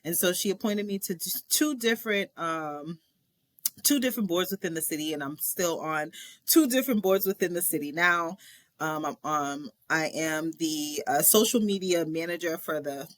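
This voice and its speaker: A woman guest on a podcast, telling a personal story in animated conversation and acting out other people's words. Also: fairly low pitch, moderate pace, dry recording. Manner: animated, acts out people's lines in a raised voice; frequent fillers and restarts.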